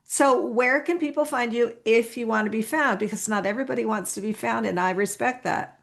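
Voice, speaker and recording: A woman hosting a podcast interview, supportive and quick to affirm her guest. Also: a little high. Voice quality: gravelly vocal fry. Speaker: podcast host. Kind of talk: conversational interview.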